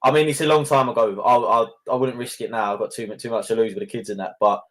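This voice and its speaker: A man speaks fast in a relaxed podcast chat. He tells anecdotes full of swearing and laughs along as he goes. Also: medium pitch. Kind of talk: casual chat.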